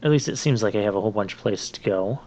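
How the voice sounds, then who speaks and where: A man's voice: fairly low pitch, racing, a little mellow. A man hosting a let's play, giving rambling, chatty gameplay commentary full of fillers. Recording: slightly muffled lo-fi mic.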